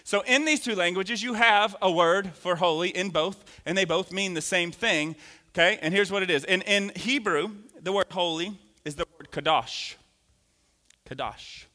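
A man in his thirties delivers an animated sermon, joking with his congregation. His voice is bright and sits a little high. It rings out with a long reverb through the church sanctuary. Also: moderate pace. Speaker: preacher. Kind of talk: lively sermon.

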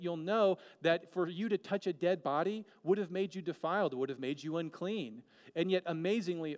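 Earnest preacher man in a reverberant hall. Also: a little high. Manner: earnest, swinging between loud emphasis and hushed quiet. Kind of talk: sermon.

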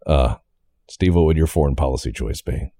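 A man hosting a casual podcast chat, animated and acting out little quoted exchanges. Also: very deep voice, a little fast, vocal fry, no echo. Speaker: podcast host.

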